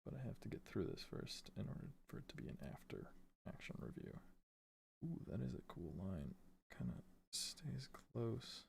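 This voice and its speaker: A man's voice: fairly low pitch, big pitch swings, normal speed, vocal fry, darkish tone, a little hiss or hum. A man thinking aloud to himself as he sketches, muttering and sometimes dropping to a half-whisper. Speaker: design vlogger sketching.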